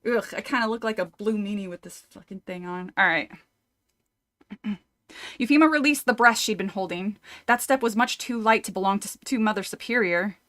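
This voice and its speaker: A woman's voice: mid-range voice, moderate pace, a bit bright. A woman streamer reading a horror novel aloud, often breaking off to chat, laugh and swear casually. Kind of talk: casual read-through with chat.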